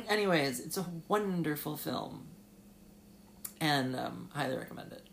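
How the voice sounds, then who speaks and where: A young woman with a low, gravelly voice talks slowly and haltingly, full of fillers and restarts. She sounds tearful. A faint hiss sits under the recording. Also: animated. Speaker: podcast host. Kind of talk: solo casual talk, recounting a film.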